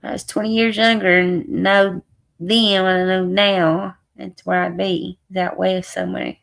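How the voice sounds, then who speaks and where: A hoarse middle-aged woman, hosting a casual livestream chat with viewers and laughing often. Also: medium pitch, little pitch movement, measured pace, fairly bright tone. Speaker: livestream host.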